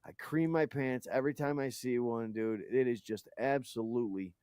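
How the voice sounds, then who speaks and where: A male co-host talking bluntly and with plenty of swearing in casual chat. His voice is smooth and clear. The sound is dry and close, with little room echo. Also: mid-range voice, normal speed, darkish tone. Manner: blunt, profane.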